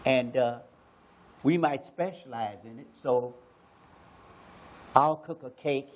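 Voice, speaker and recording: An American man on an arts panel, talking in a slow and musing way, repeating phrases and pausing often. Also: mid-range voice. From United States. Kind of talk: slow reflective panel talk.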